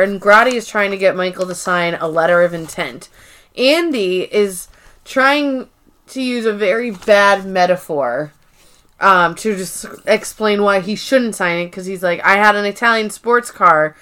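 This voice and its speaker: A young adult woman co-hosting a casual podcast, retelling scenes in an animated way, acting out the quotes and swearing freely. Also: mid-range voice, unhurried. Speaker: podcast co-host. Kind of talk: casual recap chat.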